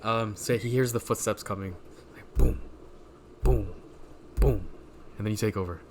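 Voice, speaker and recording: A man's voice: on the low side, normal speed. Laid-back man with faint hiss. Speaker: podcast co-host. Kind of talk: casual chat, improvised story.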